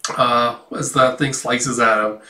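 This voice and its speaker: A man's voice: mid-range voice, steady tone, a little slow, bright, forceful tone. A man casually reading through a manga chapter and commenting, chuckling often and leaning on fillers as he quotes the dialogue. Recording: roomy, a bit distant from mic.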